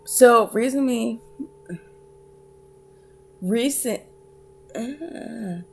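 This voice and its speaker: A tired young woman vlogging in casual chat, halting with many fillers and restarts. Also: a little high, vocal fry, husky.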